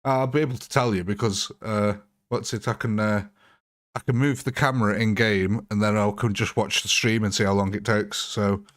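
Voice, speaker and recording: A man's voice: lowish voice, fairly even intonation, moderate pace, fairly bright tone. Chatty man streaming a game. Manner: chatty and jokey, replies to viewers by name. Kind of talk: live gameplay commentary answering chat.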